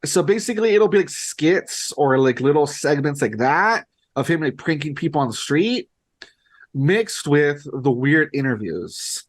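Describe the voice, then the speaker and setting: A man's voice: a little high, expressive, measured pace. A man co-hosting a podcast, retelling a show in a rambling, filler-heavy casual chat. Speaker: podcast co-host.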